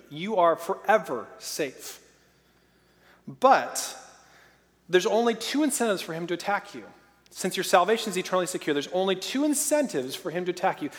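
A man in his thirties preaches in a lively, storytelling manner. His voice sits high. It rings out with a long hall reverb. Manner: lively, storytelling with playful sound effects. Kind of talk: sermon.

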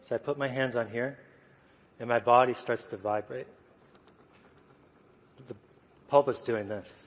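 Soft-spoken male preacher, mid-pitched, easy storytelling, reverberant church hall. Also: steady tone, unhurried. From United States. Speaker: guest preacher. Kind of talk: sermon storytelling.

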